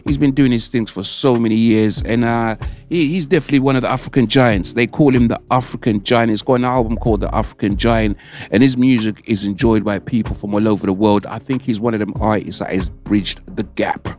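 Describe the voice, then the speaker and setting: A man's voice: on the low side, steady tone, brisk, a little mellow, faint music behind. A man hosting a radio show, chatting casually and rambling, often repeating and correcting himself. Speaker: radio host.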